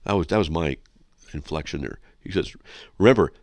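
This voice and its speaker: A man's voice: brisk, gravelly, no echo. A man hosting a radio show, reading listener mail aloud and answering it in a sarcastic, mocking way. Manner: sarcastic and mocking, with big swoops in pitch.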